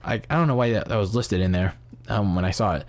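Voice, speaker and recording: A man's voice: on the low side, fast talker. A man hosting a casual podcast review, rambling with many restarts, swearing and laughing at his own jokes. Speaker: podcast host. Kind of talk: casual wrestling review chat.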